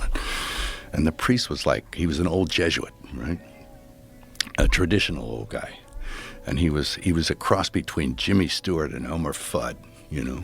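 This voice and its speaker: A deep, gravelly male voice that swings in pitch as he tells a story with halting restarts. He's a podcast guest who acts out what people said. Guitar music plays clearly behind him. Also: lively intonation, a bit bright. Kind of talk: casual storytelling.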